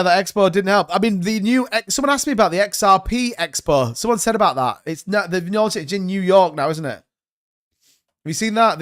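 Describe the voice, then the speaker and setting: A man's voice: sits high, smooth. A man hosting a live stream, giving rambling, chatty market commentary full of hedges. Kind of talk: casual crypto market commentary.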